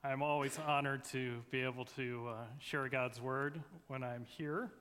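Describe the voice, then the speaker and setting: A man preaching a sermon as a guest speaker, opening with a prayer and speaking in earnest, measured phrases with pauses between them. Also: medium pitch, steady tone, a bit bright, clean tone. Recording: long reverb of a large hall.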